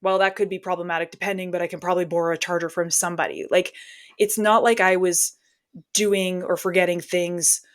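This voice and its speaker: Animated woman telling a story. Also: on the low side. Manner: animated, quick laughs, acts out dialogue. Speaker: podcast guest. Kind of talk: casual storytelling.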